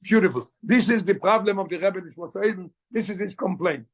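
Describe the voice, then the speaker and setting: High-pitched fast-talking male rabbi. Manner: rapid, animated, switching languages mid-sentence. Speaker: rabbi teaching a class. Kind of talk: Torah class, mixing English and Yiddish.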